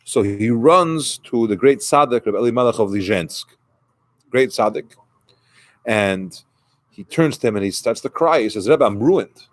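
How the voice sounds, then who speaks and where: Man, rabbi, storytelling sermon, low-ish voice, dry close sound. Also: animated, unhurried, no echo. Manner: conversational, retells a story with quoted dialogue.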